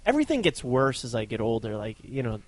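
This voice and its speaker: Lively man with allergies, chatting. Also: medium pitch. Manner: lively, quick to laugh, chatty. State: allergies, semi-sore throat, low energy. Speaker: podcast co-host. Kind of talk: casual chat.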